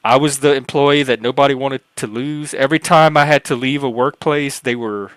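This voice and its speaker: Guy telling a long personal story on a live panel, medium pitch, dry sound, earnest, trips over his words a lot. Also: steady tone, moderate pace, a bit bright, clean tone, no echo. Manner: rambling, frequent restarts and self-corrections; earnest, acts out quoted dialogue. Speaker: panelist on a livestream. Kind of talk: personal storytelling, casual talk.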